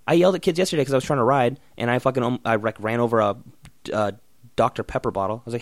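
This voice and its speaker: A young man in a casual, profane rant, blunt and loud in bursts, then muttering. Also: medium pitch, very fast, dry recording. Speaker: vlogger.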